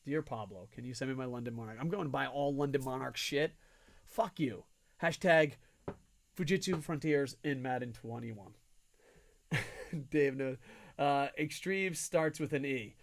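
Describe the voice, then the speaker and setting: A man co-hosting a casual sports podcast, ranting with lots of swearing and swinging between loud shouts and low mutters. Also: unhurried, creaky. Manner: profane, excitable ranting. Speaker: podcast co-host.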